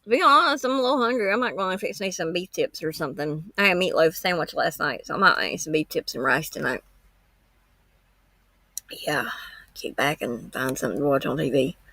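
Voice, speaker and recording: A woman chats with her livestream audience from home, frank and homespun. Her voice is bright and forceful, with gravelly fry at the ends of phrases. The sound is close and dry. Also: deep voice, fairly quick, no room sound. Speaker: true-crime livestream host. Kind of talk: casual livestream chat.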